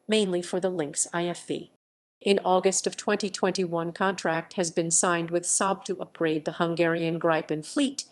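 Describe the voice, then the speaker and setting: Low-voiced woman reading an article. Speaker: article reader. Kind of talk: scripted reading of an encyclopedia article.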